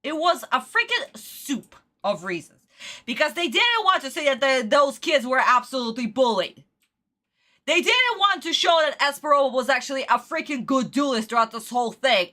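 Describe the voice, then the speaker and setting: A woman's voice: a little high, sharp tone. A young adult woman streaming an episode reaction, ranting and swearing in exasperated outbursts. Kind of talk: casual livestream reaction.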